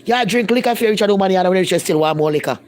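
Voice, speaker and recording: A woman's voice: medium pitch, animated, rapid-fire, a little mellow. A Jamaican woman holds a casual live-stream chat with her viewers, speaking in thick patois. She talks bluntly and emphatically, repeating lines to press her point. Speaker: vlogger.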